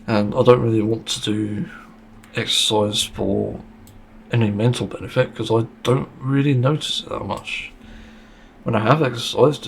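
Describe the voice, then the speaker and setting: A man's voice: mid-range voice, vocal fry, a little hiss or hum. A man hosting a casual solo podcast monologue, speaking bluntly and frankly, with plenty of swearing and the odd sarcastic aside. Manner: sarcastic at times. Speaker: podcast host.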